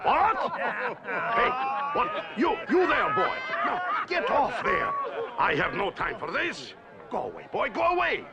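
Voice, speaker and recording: A pompous cartoon auctioneer who hawks his animals with booming salesman patter and mocking laughs. The voice is high, gravelly and swoops wildly, with a drawn-out delivery. A crowd murmurs behind. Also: huge pitch swings, over loud music, heavily acted. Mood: annoyed. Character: pompous jolly male horse auctioneer, scornful. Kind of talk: animated film voice acting.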